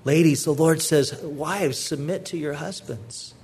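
A man's voice: a little high, measured pace, a little mellow, breathy edge. A man preaching a sermon, earnest and pleading, often repeating words as he presses his point. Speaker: pastor.

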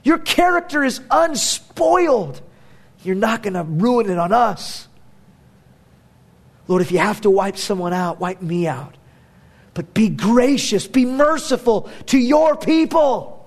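A man's voice: high voice, lively intonation, takes it slowly, full character voice. A man playing Moses as a prophet pleading earnestly with God for his people.

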